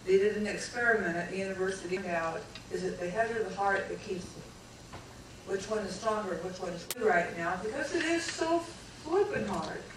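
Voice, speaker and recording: A woman addresses a live audience in an inspirational talk, slow and heartfelt with a teasing streak. She sounds far from the microphone in a large hall full of echo. A steady hum of room noise sits behind her voice. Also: mid-range voice. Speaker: guest speaker.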